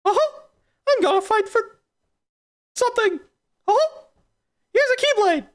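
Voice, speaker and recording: A streamer voicing a squeaky, cheerful cartoon mouse in a high falsetto, pushy and chirpy, as a comedic impression. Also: lively intonation, unhurried. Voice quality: high falsetto, repeated "uh-huh".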